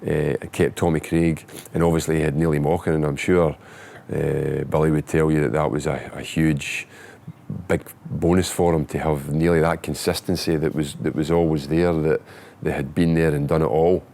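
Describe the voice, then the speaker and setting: A man recalling his playing days in a halting interview, often pausing on "eh". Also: a bass voice, little pitch movement, vocal fry, dark tone. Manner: halting, restarts with "eh". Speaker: former footballer interviewee. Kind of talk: reflective interview.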